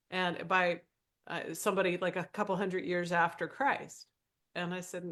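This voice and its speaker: A woman's voice: on the low side, fairly bright tone. A woman podcast co-host and former minister, telling a story animatedly and acting out the dialogue. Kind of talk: storytelling in casual conversation.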